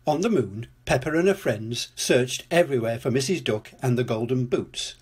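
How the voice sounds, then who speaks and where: An older man narrating a children's storybook read-aloud in a gentle, unhurried manner. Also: medium pitch, animated, slightly rough.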